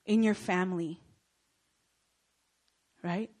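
Her voice sits fairly low and her delivery is slow as this young woman addresses a Christian student gathering with a sermon. She's an energetic storyteller who frequently checks in with listeners, tossing out "Okay?" and "Right?"

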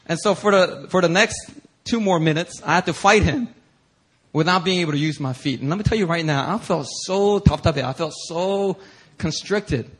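A man pastor preaching a sermon through an animated story, acting out voices and bursting into shouts. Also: on the high side, moderate pace, breathy edge.

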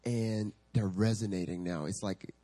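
A male pastor preaching a sermon at a church service, telling stories in an animated way and laughing often. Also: on the low side, measured pace.

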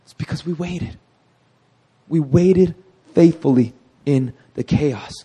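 A man's voice: a little high, takes it slowly, warm tone, slightly rough. A middle-aged male pastor preaching with energy, often asking the congregation "right?" and laughing at himself. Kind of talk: sermon.

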